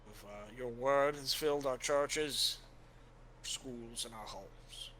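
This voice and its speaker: A man's voice: medium pitch, takes it slowly, bright, forceful tone, slight background noise, rough recording. A man voicing a troubled solemn knight. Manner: earnest, formal pleading.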